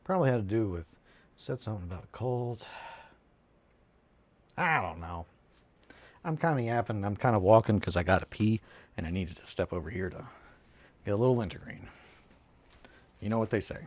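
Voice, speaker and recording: A man's voice: lowish voice, normal speed, pauses often. A young man from England with a southern English accent, chatting casually on a hobby live stream as a rambling, swearing storyteller. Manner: rambling, profane, animated storyteller.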